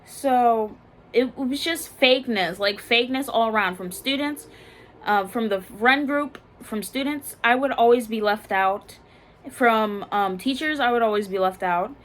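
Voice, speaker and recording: A young woman telling a personal story in a casual, halting way, full of fillers and restarts, often subdued. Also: a little high, fairly bright tone. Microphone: phone.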